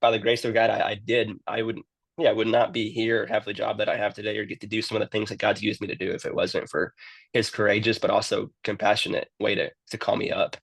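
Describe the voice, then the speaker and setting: A man's voice: fairly low pitch, level tone, quick pace, vocal fry, no echo. A man who works in youth ministry, telling his story in a casual interview and often repeating words as he starts a sentence.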